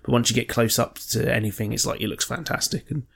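A man's voice: mid-range voice, fast, gravelly, a bit bright, slightly rough. A man co-hosting a podcast in casual chat, rambling, joking and swearing freely. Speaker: podcast co-host.

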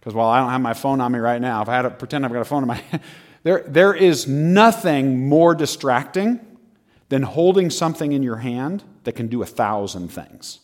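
A man preaching in an animated, conversational style, often laughing between his points. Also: medium pitch, moderate pace. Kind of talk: humorous sermon.

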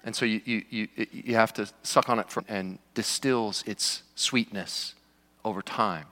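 A man's voice: lowish voice, steady tone, unhurried, bright, forceful tone. A man preaching a sermon to his church in a conversational way, with joking asides. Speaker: pastor. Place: church sanctuary. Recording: long reverb of a large hall.

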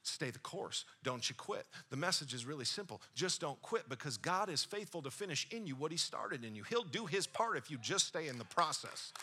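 A man preaches to his congregation in a very bright, ringing voice that sits a little high. He presses his points with rousing calls to the room. He also drops into easy, joking asides. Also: very animated, fairly quick, few pauses, breathy edge. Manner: preaching with rising intensity, calling out to the congregation. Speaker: pastor. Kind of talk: sermon.

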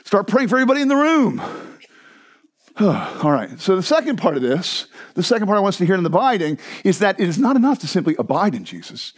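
A man preaching a sermon, with a high-pitched voice that leaps and falls in a very animated way. He jokes and laughs with the congregation, then drops to near-whispers before building back up to strong exclamations. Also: fairly quick. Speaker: pastor.

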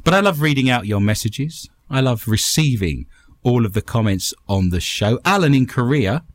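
A man's voice: medium pitch, lively intonation, moderate pace. A man hosting a comedy podcast, joking around and reading out listener messages. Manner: jokey, reads listener messages aloud. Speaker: podcast host. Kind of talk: casual comedy chat.

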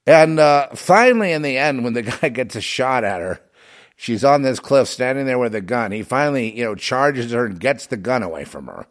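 A man's voice: mid-range voice, animated, moderate pace. A man in a rambling rant with many restarts and repeated fillers. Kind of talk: ranting commentary.

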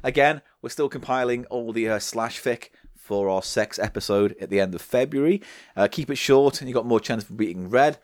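A man's voice: medium pitch, no echo, studio quality. A man co-hosting a podcast in casual chat, bantering and slipping into silly impressions. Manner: bantering, breaks into quick silly accent impressions. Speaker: podcast co-host.

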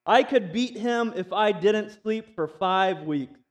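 A man calling a boxing fight live, excited and breaking into shouts. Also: sits high, takes it slowly. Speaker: boxing commentator.

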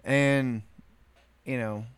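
A man's voice: medium pitch, fairly even intonation, extremely slow, clean tone, dry recording. A man co-hosting a podcast in casual chat, teasing and wisecracking. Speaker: podcast co-host.

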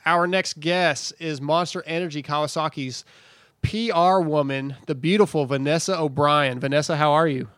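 A man hosting a casual moto podcast, quick and energetic, reading ads and chatting with guests. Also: a little high, clean tone, dry recording, studio quality. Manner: energetic, quick, self-deprecating. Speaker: podcast host. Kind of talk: casual chat and read ads.

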